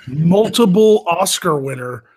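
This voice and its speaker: A man's voice: high voice, lively intonation, measured pace, a little mellow, breathy edge. A man hosting a live stream, telling stories loosely with lots of swearing and laughter. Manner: loose, profane storytelling with frequent laughs. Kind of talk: casual chat.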